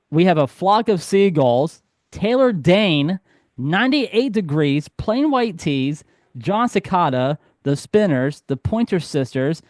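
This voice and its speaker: A man's voice: high voice, a little mellow, no room sound, clean studio sound. A man hosting a podcast in casual chat, rambling and correcting himself, laughing easily. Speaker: podcast host.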